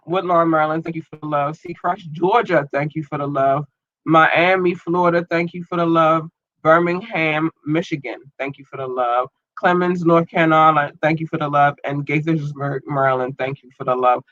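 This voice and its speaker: A man's voice: on the high side, a bit bright, dry recording, lo-fi sound. Rambling slangy male podcast host. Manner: loose and rambling, slangy, lots of ums. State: eye irritated and watering. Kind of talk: casual solo podcast chat.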